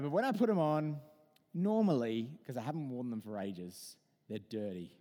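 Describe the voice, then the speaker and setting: A man in his thirties preaching in a chatty, animated way, his mellow voice swinging widely in pitch. He talks from a church, and his words hang in a long reverb. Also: a little fast. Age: 30s. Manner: animated, conversational preaching with personal anecdotes. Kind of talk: sermon.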